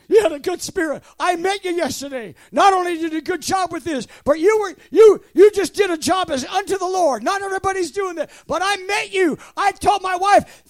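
Man in his sixties, fervent shouting preacher; very high voice, dry close sound. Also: no room sound. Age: 60s. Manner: shouting, fervent, with sudden loud bursts and laughs. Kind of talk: sermon.

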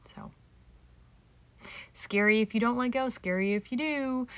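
A woman's voice: a little high, measured pace, pauses often, no echo. A woman hosting a solo podcast from home, talking candidly and self-deprecatingly, swearing freely and sometimes dropping to a whisper. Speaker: podcast host. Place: home, indoors.

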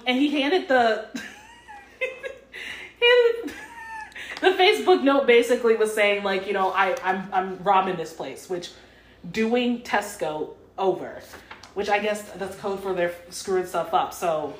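A woman's voice: mid-range voice, animated, takes it slowly, pauses often. A woman chatting on a casual podcast, giggly and talkative, telling stories. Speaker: podcast guest. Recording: roomy with faint noise.

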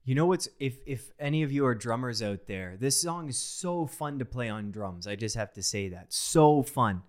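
A young man enthusiastically talking through a song as a reaction host, in a rambling, excited way. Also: medium pitch, normal speed. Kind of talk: casual reaction commentary.

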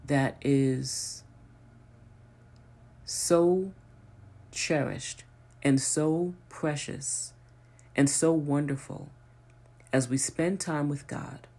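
A preacher delivering a sermon at an unhurried pace. Points come through emphatic repetition that builds in intensity, broken by hesitant restarts as the thought is found again. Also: medium pitch, a little mellow, breathy edge.

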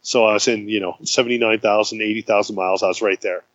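A man casually telling a road-trip story in a chat, acting out the voices of the people he met with big jumps in pitch. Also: steady tone, fast talker, a bit bright, dull audio, slight background noise. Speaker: guest.

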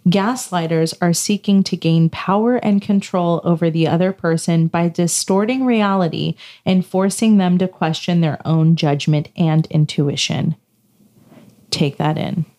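Low-voiced woman telling a story. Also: a little slow. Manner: animated storytelling, acting out quoted dialogue. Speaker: podcast co-host. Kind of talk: casual chat, telling a personal story.

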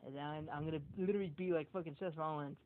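Talking fast in a steady, higher-pitched voice, a podcast co-host chats casually, telling meandering, profane tales and performing what people said. His audio comes through tinny and phone-like, with a trace of noise.

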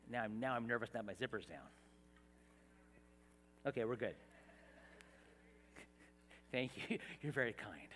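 Animated pastor preaching in an echoey hall. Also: male voice, fairly high pitch. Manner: animated, swings from soft asides to shouted emphasis. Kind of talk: sermon. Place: church hall.

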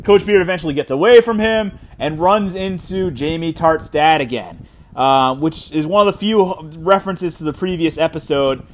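A man hosting a solo podcast, talking casually and rambling with fillers and restarts. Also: on the high side. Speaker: podcast host. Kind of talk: solo podcast episode recap.

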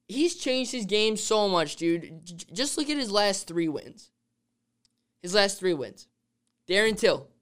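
A man hosting a podcast, talking in a casual, excitable and rambling way, constantly saying "dude". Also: sits high, clear, resonant tone. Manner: rambling fan talk with restarts. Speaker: podcast host.

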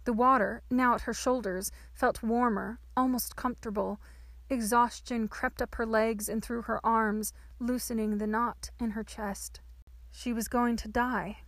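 Expressive woman audiobook narrator. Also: a little high, no echo. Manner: expressive, dramatic storytelling. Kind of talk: scripted narration.

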